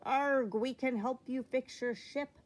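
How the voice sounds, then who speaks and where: A blustery, bossy pirate captain barks out his lines in a raised, high voice, as a woman puts him on. His words come slow and drawn out, growled like a storybook sea dog. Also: fairly even intonation.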